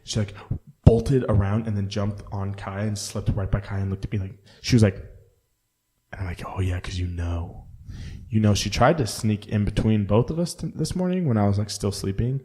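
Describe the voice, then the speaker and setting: Laid-back man with a dark, low voice. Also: brisk. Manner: loose, profane storytelling with acted-out quotes. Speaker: podcast co-host. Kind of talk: casual chat. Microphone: close podcast mic.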